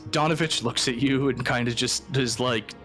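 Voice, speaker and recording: A man's voice: medium pitch, steady tone, normal speed, sharp tone, soft background music. A man narrating a tabletop game as game master, casual and often restarting his words. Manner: casual, with stammered restarts and laughs.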